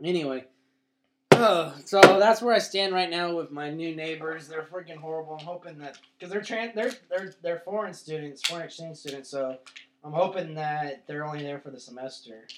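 A man's voice: a little high, moderate pace, noisy background. A young man co-hosting a podcast, telling a story in a rambling, laughing way full of filler words. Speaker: podcast co-host. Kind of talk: casual podcast chat.

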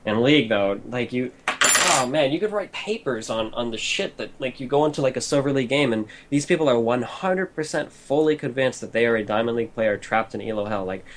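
Fast-talking blunt profane man. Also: medium pitch, lively intonation, a bit bright, slight background noise. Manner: blunt, profane, rapid rants. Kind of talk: casual gaming chat.

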